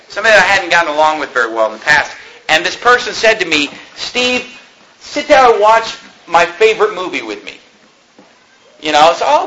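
A man preaching a sermon as pastor, emphatic and fervent, rising to shouts at points. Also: on the high side, rough recording.

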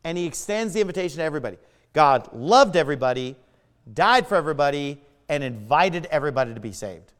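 A man pastor preaching a sermon with emphatic delivery, drawing out key words and swinging sharply between loud and soft. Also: fairly high pitch, animated, quick pace, big-room sound.

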